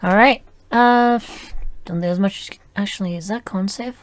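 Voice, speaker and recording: A woman narrating a tabletop game as game master, halting and restarting as she describes the scene. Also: medium pitch, no room sound.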